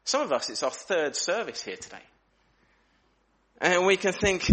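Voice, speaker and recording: Animated man preaching a sermon. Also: sits high, a little slow. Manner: animated, acting out questions in different voices.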